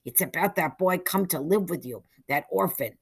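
A woman's voice: on the low side, normal speed, vocal fry, husky. A woman voicing an earnest, determined young boy who explains things urgently.

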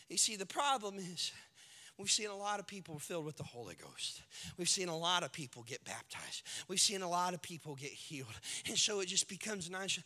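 A man's voice: sits high, lively intonation, fairly quick, pushed and bright, long reverb tail. A man preaching a sermon as pastor, telling a parable with dramatic storytelling and acted-out voices.

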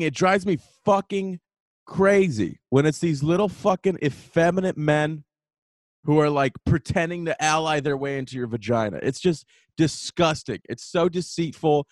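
A man's voice: a little high, animated, moderate pace, no echo. Profane ranting male podcast host. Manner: heated, profane storytelling rant. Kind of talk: casual ranting monologue. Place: New York.

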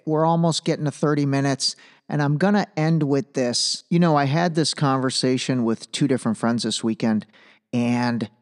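A man hosting his own podcast, chatting casually with jokey asides. His voice sits in a middle register, and a long reverb trails every phrase. He sounds relaxed and offhand. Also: medium pitch, normal speed. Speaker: podcast host. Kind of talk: casual solo podcast commentary.

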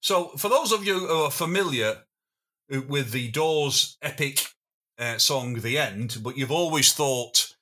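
Rambling, bright-voiced male storyteller. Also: mid-range voice, unhurried. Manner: rambling storyteller, self-interrupting, chuckling. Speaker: podcast guest, former drummer. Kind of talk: casual anecdotal chat.

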